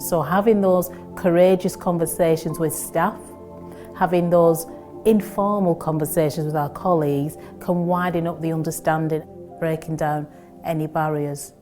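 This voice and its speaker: A woman in health service management giving an earnest, measured interview statement. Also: deep voice, steady tone, mellow, faint music behind.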